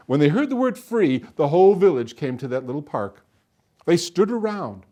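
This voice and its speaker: A man telling a folktale in an animated, expressive way, slowing down for effect. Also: on the high side. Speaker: storyteller. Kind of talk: folktale storytelling performance.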